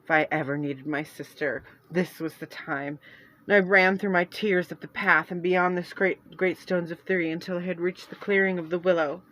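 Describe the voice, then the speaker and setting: Woman, author reading own novel, earnest, halting, lowish voice. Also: steady tone, fairly bright tone, poor audio. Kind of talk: first-person fiction reading.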